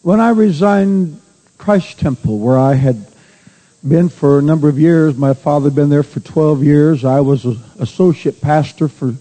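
A man's voice: on the high side, moderate pace, dark tone, rough recording. A middle-aged man, preaching a sermon as a pastor in a folksy storytelling way that builds to fervent exhortation.

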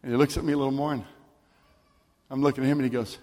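A male pastor preaching a camp meeting sermon, moving from a chatty story into shouted preaching. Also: mid-range voice, flat delivery, rapid-fire, long reverb tail. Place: large church hall at a camp meeting.

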